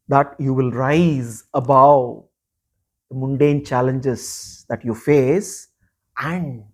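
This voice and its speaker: A man teaching as a spiritual teacher in a live discourse, speaking earnestly and emphatically with frequent pauses. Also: on the high side. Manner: earnest, emphatic, pausing often.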